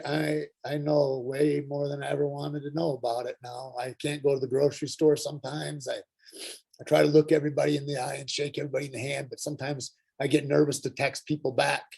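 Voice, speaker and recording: Gravelly husky guy, middle-aged, telling his recovery story, lots of ums and restarts. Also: medium pitch, darkish tone. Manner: halting, earnest storytelling with many fillers and restarts. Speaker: workshop speaker sharing his story. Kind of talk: personal recovery share. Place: Santa Fe.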